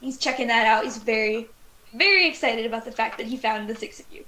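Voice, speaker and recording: A woman's voice: on the high side, fast, noisy background. A woman narrating as game master in a casual, rambling way, full of fillers. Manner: rambling, filler-heavy, giggly describing.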